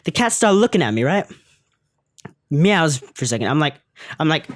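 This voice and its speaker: A woman vlogger telling a comic story in a profane, slangy, animated way. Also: low voice, moderate pace, pauses often, no echo, studio quality. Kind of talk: comedic storytelling vlog.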